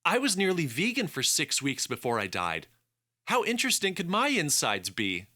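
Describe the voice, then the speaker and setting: An offhand, joking captive sidekick, played by a male narrator. The voice is pitched well above his narration and sounds bright. Dry humor under pressure. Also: huge pitch swings, moderate pace, heavily acted. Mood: glib.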